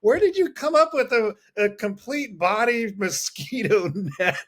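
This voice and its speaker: High-voiced chatty male host. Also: lively intonation, a little slow, fairly bright tone. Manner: chatty, recalls shared memories and laughs along. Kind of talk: casual interview chat.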